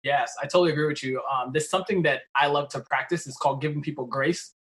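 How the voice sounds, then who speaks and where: A man's voice: on the high side, fairly even intonation, fast talker, fairly bright tone. A man hosting a podcast interview, eager and agreeing, with many fillers as he talks. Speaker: podcast host. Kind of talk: casual interview conversation.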